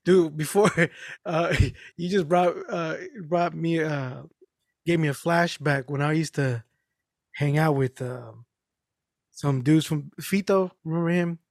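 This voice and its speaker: A man's voice: on the high side, slow pace, creaky, no echo, clean studio sound. A middle-aged man telling stories in a casual, profane podcast chat, laid-back and acting out the people he quotes. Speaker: podcast co-host.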